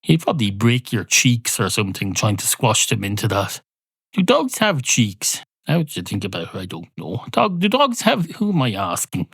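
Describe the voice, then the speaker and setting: A man hosting a rambling solo comedy podcast, deadpan and absurd, swearing at imagined listeners. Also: medium pitch, no room sound. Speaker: podcast host.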